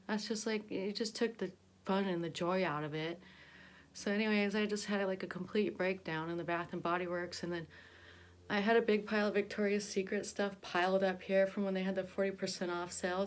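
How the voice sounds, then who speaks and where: Young woman vlogging, rambly storytime, tons of fillers. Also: medium pitch. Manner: rambling, many "like" fillers and restarts. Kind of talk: casual storytelling vlog.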